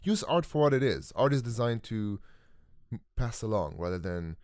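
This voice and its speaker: A man's voice: lowish voice, lively intonation, moderate pace, darkish tone, dry recording, studio quality. A young man hosting a podcast interview, enthusiastically restating his guest's points in casual chat. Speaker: podcast host.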